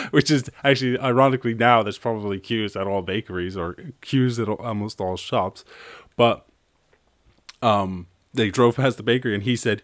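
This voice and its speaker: A man from Ireland hosting a podcast, rambling through an animated story with swearing and laughs. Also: fairly low pitch, no echo, clean studio sound. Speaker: podcast host. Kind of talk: casual monologue.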